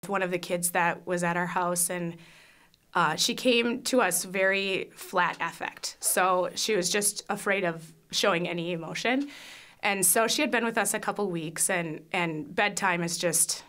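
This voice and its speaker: A woman's voice: lowish voice, unhurried, a bit bright. A foster mother giving a candid, emotional faith testimony, with frequent fillers and restarts. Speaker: foster parent.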